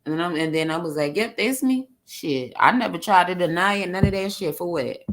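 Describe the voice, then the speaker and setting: A woman with a New York accent, talking on a casual panel in a blunt, profane, laughing way. Her voice sits a little low for a woman. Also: brisk.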